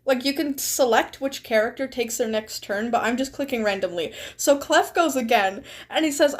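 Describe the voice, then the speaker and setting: High-voiced, sarcastic woman streamer. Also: moderate pace, few pauses. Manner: sarcastic, giggly, swears. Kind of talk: casual live-stream chat.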